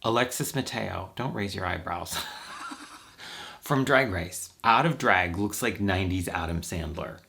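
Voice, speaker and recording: A man's voice: sits low, a little slow, vocal fry, bright, forceful tone. A man chatting casually and rambling with campy asides as he does his makeup for a vlog. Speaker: makeup vlogger. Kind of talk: casual chat while doing makeup.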